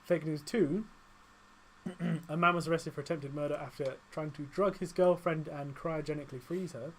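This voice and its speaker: A man's voice: a little high, fairly even intonation, normal speed, fairly bright tone, a little hiss or hum, rough recording. A young British man co-hosting a casual radio show, joking and reading out news items in a studio.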